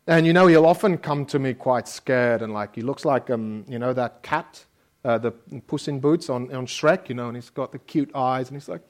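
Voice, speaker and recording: A man's voice: mid-range voice, expressive, normal speed. A man preaching a sermon as pastor, in a conversational way with homely stories from family life and frequent checks like "okay?". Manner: conversational preaching with personal anecdotes; frequent restarts, asks listeners "okay?".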